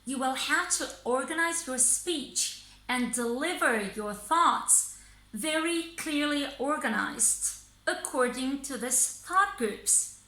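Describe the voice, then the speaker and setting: A woman teaching English in a scripted lesson, speaking slowly and deliberately and pausing between phrases. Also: high-pitched, lively intonation, bright, forceful tone, echoey room, low-quality recording. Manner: slow, deliberate, pausing by thought groups.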